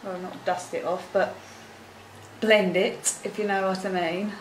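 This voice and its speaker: A young woman vlogging a makeup try-on, talking at an unhurried, drawn-out pace and wandering off into asides. She gushes whenever something impresses her. Her voice bounces around a reverberant room with a faint hum of ambience underneath. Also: medium pitch. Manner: chatty, rambling, gushing with excitement. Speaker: beauty vlogger. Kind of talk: casual makeup tutorial chat. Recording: echoey room.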